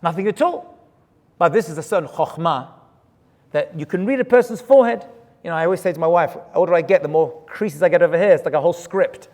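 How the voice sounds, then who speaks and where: A man, a rabbi, telling a story in an animated way during a sermon and mixing in Hebrew terms. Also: on the high side, fast. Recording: long hall reverb.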